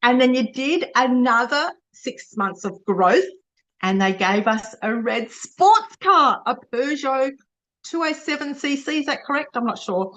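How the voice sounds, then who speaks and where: A woman's voice: high-pitched, animated, a little slow, fairly bright tone, low-quality recording. A middle-aged Australian woman giving an informal motivational talk as a sales director. She is chatty and emotional, laughs often, and repeats and corrects herself as she speaks.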